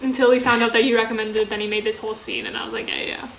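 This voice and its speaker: A woman's voice: on the high side, little pitch movement, racing, a bit bright. A young woman co-hosting a podcast, telling a story through laughter in casual chat, full of likes. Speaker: podcast co-host. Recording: roomy echo, faint hiss.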